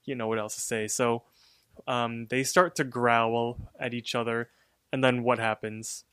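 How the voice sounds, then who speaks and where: A man's voice: medium pitch, a little slow, clean tone, no echo, clean studio sound. A man co-hosting a podcast, casually recapping a cartoon episode with lots of fillers. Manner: relaxed, filler-heavy storytelling. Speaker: podcast co-host.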